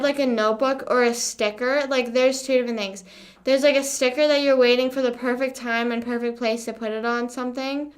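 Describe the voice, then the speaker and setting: A woman's voice: on the high side, fairly even intonation, a little fast. A young woman livestreamer chatting casually with her viewers, sarcastic, full of fillers and swearing. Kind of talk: casual chat with live viewers.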